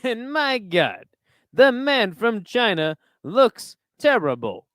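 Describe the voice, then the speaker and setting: A man doing a comic impression of a pompous old male boxing announcer, with a slow, grandiose cadence, on a live stream. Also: high-pitched, very animated, fairly bright tone, dry recording, studio quality, voice pushed up, exaggerated voice. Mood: bombastic.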